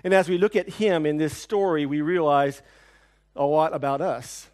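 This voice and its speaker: A man preaching a sermon, telling a personal story with lively, animated delivery that drops to hushed, somber tones. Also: a little high, normal speed. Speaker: pastor.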